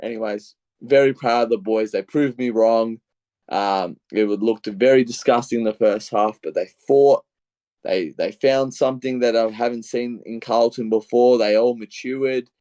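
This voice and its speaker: Young Australian male podcaster; excitable, rambling, acts out quotes; dry, close recording. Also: mid-range voice, moderate pace, no echo. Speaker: podcast co-host. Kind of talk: casual footy podcast chat.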